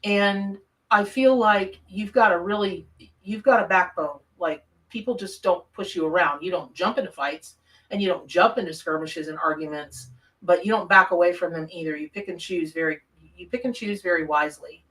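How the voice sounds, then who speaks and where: At normal speed, a woman from the American South with a lowish, slightly bright voice and a Southern accent reads tarot on a live stream. She chats easily with viewers and reads out their comments, though she's far from the mic and the audio is poor.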